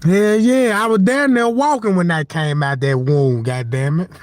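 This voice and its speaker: A man's voice: high voice, unhurried. A man hosting a livestream and telling a rambling comic story, laughing often. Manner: rambling, keeps asking "you know what I'm talking about", laughs often. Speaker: livestream host.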